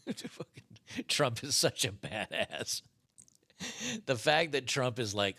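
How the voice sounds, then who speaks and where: A man's voice: mid-range voice, expressive, slow pace, sharp tone. A man hosting a live stream with casual political commentary, blunt, profane and mocking.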